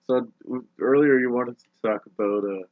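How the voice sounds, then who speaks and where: A man's voice: medium pitch, no echo. A young man hosting a podcast, telling rambling stories and laughing often in casual chat. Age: young adult. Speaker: podcast host. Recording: dull lo-fi dry recording.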